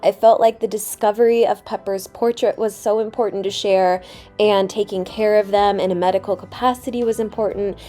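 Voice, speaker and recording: Young female vlog host, mid-pitched, tender and gushing voiceover over light music. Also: fairly even intonation, a little fast, warm tone. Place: voiceover recorded separately from footage.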